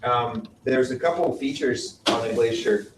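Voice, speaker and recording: At normal speed and medium pitch, a mountaineering instructor gives a glacier lecture, quizzing his class and explaining things patiently. The recording is roomy, from a distant microphone, with faint noise.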